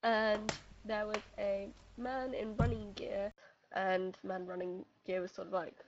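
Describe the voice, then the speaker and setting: A young woman telling friends a funny story in casual chat, animated and laughing, acting out voices as she goes. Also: mid-range voice, a little slow, dull audio, a little hiss or hum. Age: young adult.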